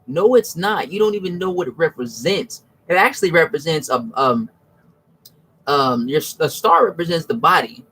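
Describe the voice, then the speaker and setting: Casual male commentator with a high, husky voice who rambles in slang and keeps breaking off his sentences. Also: moderate pace. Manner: slangy, repeats "you know what I'm saying", frequent restarts; animated, swings from low mutters to high exclamations. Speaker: religious commentator. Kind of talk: casual spoken monologue.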